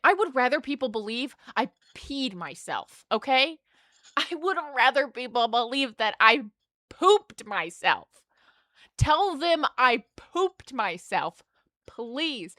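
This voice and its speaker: Bright, high-voiced woman telling a story. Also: measured pace, no room sound, clean studio sound. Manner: animated, rambling, laughs often. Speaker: streamer. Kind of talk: casual storytelling to live stream chat.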